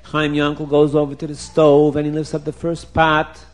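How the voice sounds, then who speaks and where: A man telling a story to children in an animated, expressive way with dramatic swings in loudness. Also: on the high side, normal speed.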